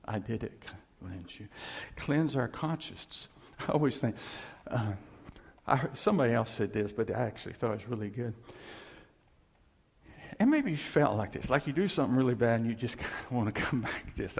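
A man preaching a sermon, his delivery swinging between loud, animated exclamations and hushed, quiet lines. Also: mid-range voice, moderate pace, creaky, husky, in a large hall. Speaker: pastor.

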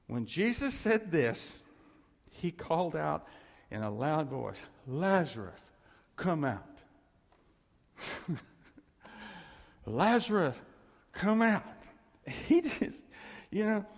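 A man preaching a sermon as a pastor, animated, acting out quotes and laughing often, in an echoey church hall. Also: on the high side, vocal fry.

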